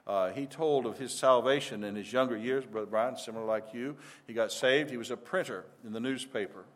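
An older man, a pastor, preaching a sermon in an earnest, conversational way, often restarting his words. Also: medium pitch.

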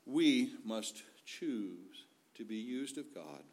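A man's voice: mid-range voice, expressive, slow, a little mellow. A man preaching a sermon in an earnest, folksy way, weaving in scripture.

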